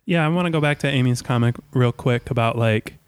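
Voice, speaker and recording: A man at an ordinary middle pitch, co-hosting a laid-back podcast. He talks loosely, often pausing to find his words, recorded dry and close. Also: clear, resonant tone, no room sound. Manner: casual, lots of "like", searches for words. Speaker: podcast co-host. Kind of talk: casual podcast chat.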